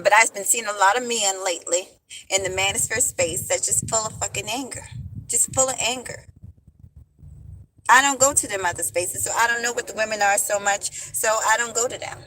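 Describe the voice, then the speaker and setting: A woman talks to her livestream viewers. Her voice sits a bit high and comes out sharp and forceful, with a faint hiss underneath. She drives her points home in casual slang and preaches them over again into a handheld phone. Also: poor audio. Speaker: livestream host. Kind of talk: livestream commentary. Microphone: phone held in hand.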